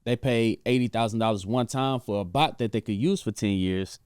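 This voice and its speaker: A man's voice: fairly low pitch, a little fast, a little mellow, smooth, no room sound, clean studio sound. A man hosting a commentary channel, talking casually and repeating himself, often asking "right?". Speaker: host. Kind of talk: reaction commentary.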